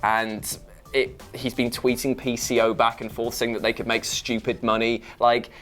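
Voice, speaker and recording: A man trading casual banter as a news co-host, animated and playful, now and then leaping into mocking impressions of others. His voice sits mid-range, with soft music running faintly underneath. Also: medium pitch, normal speed. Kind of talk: casual chat.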